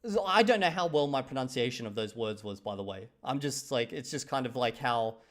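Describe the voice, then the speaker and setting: A young Australian man chats casually on a live stream, reading viewer comments aloud with a mid-range voice. He's animated, quick to laugh, and swears casually.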